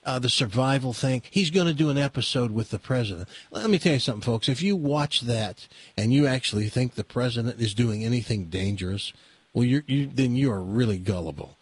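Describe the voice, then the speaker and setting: Guy hosting a radio show, wry joke-telling, husky lively voice, dry studio sound. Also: medium pitch, a little fast, no echo. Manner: wry, storytelling.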